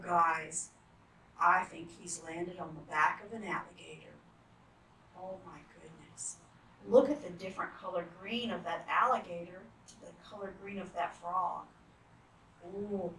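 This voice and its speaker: A woman reading picture books aloud to children, animated and full of gasps and exclamations. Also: on the low side, reverberant, distant mic, a little hiss or hum, poor audio. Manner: animated, gasping, exclaiming to young listeners. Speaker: children's storytime reader.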